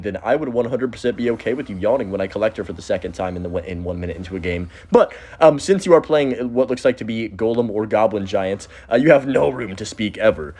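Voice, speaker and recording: Young guy commentating his game, talks fast, voice jumps all over when hyped. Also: mid-range voice. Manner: excitable, chatty, talks to viewers as "guys" and "bro". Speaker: gaming YouTuber. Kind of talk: live gameplay commentary.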